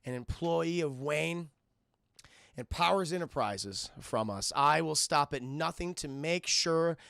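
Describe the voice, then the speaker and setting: A man voicing a corporate boss giving a slow, falsely solemn public statement. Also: on the high side, animated, creaky, fairly bright tone, clear, resonant tone, dry recording, studio quality, exaggerated voice.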